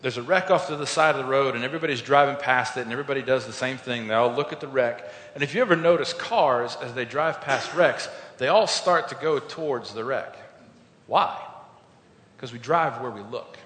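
A man preaching a sermon, telling a personal story with earnest emphasis, swinging between loud points and quiet reflective lines. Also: fairly quick. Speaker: pastor. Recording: echoey hall with faint rumble.

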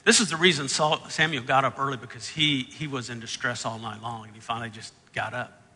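A man preaching a sermon, reading scripture and acting out the characters' lines with big jumps in pitch and loudness. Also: fairly even intonation, fairly quick, big-room sound, a little hiss or hum. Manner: acts out the Bible characters' lines with big swings in pitch and volume. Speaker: pastor.

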